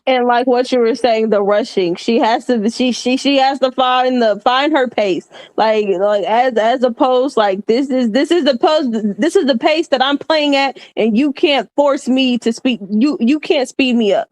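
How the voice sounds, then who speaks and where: A woman's voice: high-pitched, moderate pace, few pauses, a little mellow, dry recording. A woman co-hosting a basketball podcast, thinking aloud with many restarts and giving coaching-style advice. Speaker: sports podcast co-host. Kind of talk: casual basketball chat.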